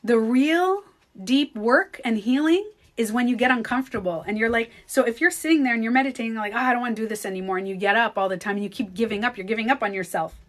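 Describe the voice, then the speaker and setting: A woman chatting casually on a livestream, animated and laughing often, acting out her own thoughts. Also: a little high, fast. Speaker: beauty coach and vlogger.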